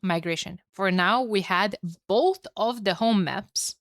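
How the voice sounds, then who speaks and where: A woman commentating a strategy game alone for her live chat, chatty and excitable, tired and with a headache. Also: medium pitch, unhurried, no room sound, studio quality. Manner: chatty, excitable, swears and laughs at herself. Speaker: esports caster.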